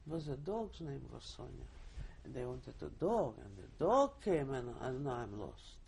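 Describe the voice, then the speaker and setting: An older woman recalling her past in an oral history interview, telling it vividly with halting restarts. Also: very deep voice, big pitch swings, vocal fry, a little mellow, slight background noise. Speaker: Holocaust survivor giving testimony.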